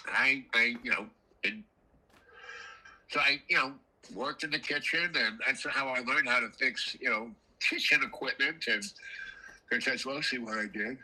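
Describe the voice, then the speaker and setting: Older male storyteller, casual and rambling, husky and bright tone. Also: medium pitch, poor audio. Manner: rambling, animated, frequent coughs. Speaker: storyteller guest.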